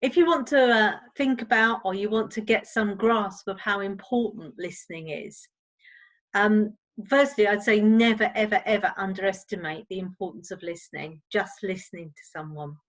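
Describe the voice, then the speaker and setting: A woman, a counsellor, presenting a recorded teaching seminar on listening in a clear, steady way. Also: medium pitch, normal speed, low-quality recording.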